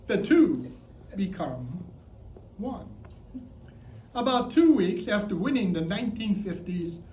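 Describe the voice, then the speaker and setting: A man's voice: high voice, warm tone, slight background noise. A man in his seventies from Chicago, telling a playful personal story on stage in a theatrical way. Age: 70s. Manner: playful, theatrical, mock sports announcing. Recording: roomy theater sound, distant mic, faint ambience.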